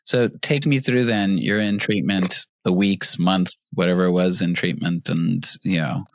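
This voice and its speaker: A man's voice: low-pitched, fairly even intonation, a little slow, no room sound. A man hosting an interview podcast, asking thoughtful, probing questions and affirming his guest. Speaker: podcast host. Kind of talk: interview conversation.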